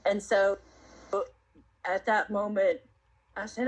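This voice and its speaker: In a personal testimony interview, a female guest speaks at a measured pace in a medium-pitched voice. She tells her story earnestly and reflectively, using many fillers, on a low-quality recording.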